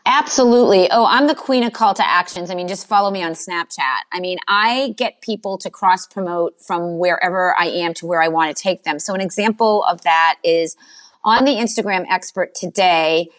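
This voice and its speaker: Woman, Boston accent, fast, self-assured, lowish pitch, podcast interview guest. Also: fairly even intonation, fairly bright tone. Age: older. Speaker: guest, Instagram coach.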